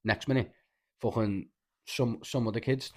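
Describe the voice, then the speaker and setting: A man's voice: mid-range voice, fairly even intonation, unhurried. A man with a Liverpool accent, co-hosting a casual podcast and telling a long story in a rambling way, full of filler words and swearing. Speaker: podcast co-host.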